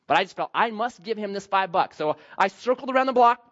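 A man in his forties preaching a sermon, telling a personal story and acting out his younger self in lively bursts. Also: quick pace, dull audio. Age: 40s. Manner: animated, acts out his younger self with high excited outbursts. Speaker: pastor.

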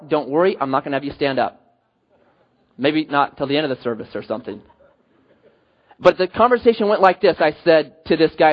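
A man's voice: a little high, highs cut off. A man preaching a sermon as pastor, telling stories with jokes and acting out quotes. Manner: animated storytelling with jokes and acted-out quotes.

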